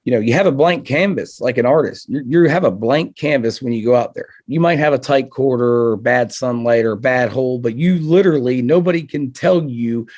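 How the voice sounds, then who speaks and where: Man, target setter, casual storytelling, animated quotes, laughs easily. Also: medium pitch, brisk, few pauses. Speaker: target setter, podcast guest.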